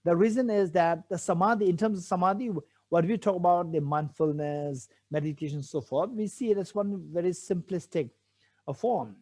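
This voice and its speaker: A man's voice: sits high, moderate pace, mellow. A man giving a Buddhist teaching, explaining a text patiently. He repeats key phrases and asks rhetorical questions. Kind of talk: teaching a sutra commentary.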